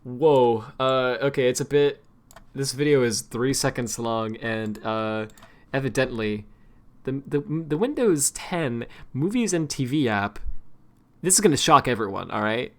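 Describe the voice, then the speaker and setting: A man's voice: medium pitch, expressive, measured pace, a bit bright. A man streaming, chatting casually and rambling with lots of fillers and restarts.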